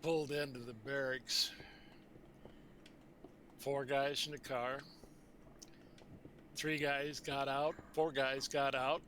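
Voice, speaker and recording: Slow-talking man, noisy background. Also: mid-range voice, flat delivery, a bit bright. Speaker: storyteller. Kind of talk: casual anecdote telling.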